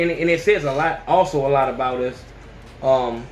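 A man hosting a podcast, ranting casually and with plenty of profanity, who often jumps into high yelling voices to mimic people. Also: normal speed, reverberant, a little hiss or hum. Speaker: podcast host. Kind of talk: casual opinion rant.

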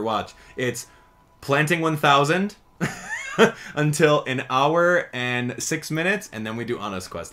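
A man giving casual gameplay commentary as a channel host, chatty and excitable, thinking out loud as he plays. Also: medium pitch.

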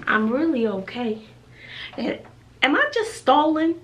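A bright, lively woman talks casually to the camera, thinking out loud and chatting to herself. Her voice sits fairly high and swings widely. She is a little off the mic in an echoey bedroom with a faint hiss behind her. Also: measured pace, recorded from a distance. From Texas. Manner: chatty, muses aloud to herself. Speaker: family vlogger. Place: bedroom at home.

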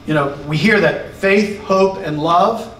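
A man giving a church lesson to his congregation, excitable and emphatic, sometimes shouting. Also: sits high, takes it slowly, far from the mic. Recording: roomy echo, recorded from afar.

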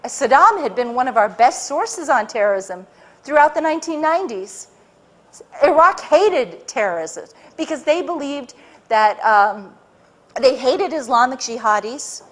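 A woman speaking to a live audience, telling her story in an animated way with many restarts and acted-out quotes. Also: sits high, measured pace. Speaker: public speaker.

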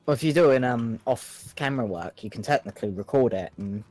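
A man co-hosting a game stream, talking in a relaxed, matter-of-fact way about plans and editing. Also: medium pitch, fairly quick. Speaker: co-host and editor. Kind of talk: casual chat. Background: faint game music.

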